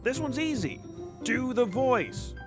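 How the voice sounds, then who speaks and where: A man's voice: extremely high pitch, expressive, slow pace. A man giving upbeat, announcer-like scripted narration for a vlog. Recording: narration over music.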